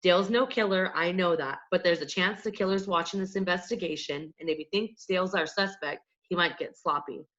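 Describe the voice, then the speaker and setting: A woman reading a storybook voices a calm male small-town detective who speaks in a measured, dry way. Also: on the low side, close to an everyday voice. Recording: dull lo-fi audiobook recording.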